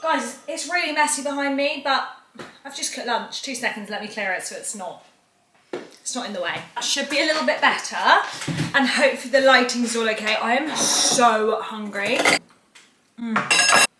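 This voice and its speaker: A woman's voice: fairly high pitch, normal speed, background noise. A young woman in her twenties, chatting casually and upbeat to camera in her home kitchen. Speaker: vlogger. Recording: echoey room. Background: dishes and cutlery clatter.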